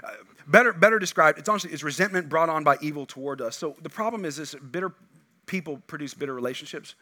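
A middle-aged man preaching from the pulpit, his voice bright and a touch higher than most. He is animated, throwing out loud, emphatic bursts and then dropping into quiet, low asides. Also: quick pace. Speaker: pastor. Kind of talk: sermon.

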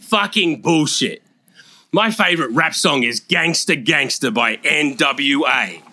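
Brief: a crude, mocking male roast comic, bright, dry close mic. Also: a little high, animated, unhurried, no room sound. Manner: brash, crude, mocking delivery. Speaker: guest comedian roaster. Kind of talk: comedy roast.

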